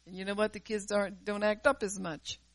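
Woman preacher, fervent, loud-to-quiet swings, repeats words, recorded dry and close. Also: medium pitch, little pitch movement, normal speed, dry recording. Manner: repeats words and restarts phrases while preaching. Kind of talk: sermon.

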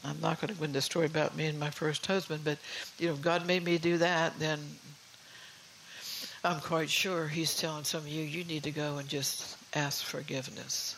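Older lady preaching casual, gravelly voice, keeps saying you know, bit of hiss behind. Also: low-pitched, level tone, normal speed, fairly bright tone, poor audio. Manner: homey, confiding, repeats "you know". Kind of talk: informal sermon.

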